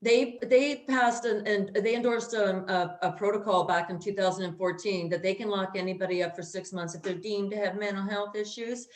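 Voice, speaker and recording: A woman in an echoey room, talking at a middling pitch. She co-hosts a casual chat and vents bluntly, swearing without a filter. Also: fairly even intonation, moderate pace, hardly any pauses. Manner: blunt, ranting, swears freely. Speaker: co-host.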